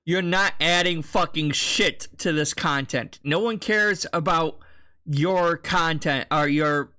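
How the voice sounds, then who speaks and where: A man's voice: on the high side, bright, forceful tone. A man doing casual reaction commentary, mocking and heckling another streamer with lots of swearing.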